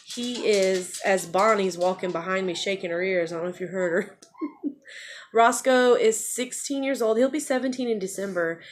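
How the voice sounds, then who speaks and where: A woman's voice: medium pitch, normal speed, a little hiss or hum. A middle-aged woman talking candidly in a personal vlog, rambling and repeating phrases. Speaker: vlogger.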